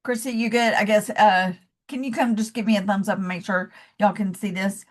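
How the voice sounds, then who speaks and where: A woman's voice: mid-range voice, steady tone, fairly quick. Chatty Southern woman presenting online. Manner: chatty and encouraging, says y'all and calls listeners love. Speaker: webinar presenter and coach. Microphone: video call.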